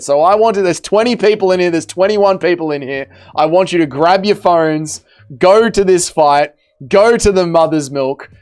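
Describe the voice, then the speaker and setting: A man with a smooth voice that sits high hosts a livestream, casually reading out chat. He jokes bluntly and swears, then trails off quietly.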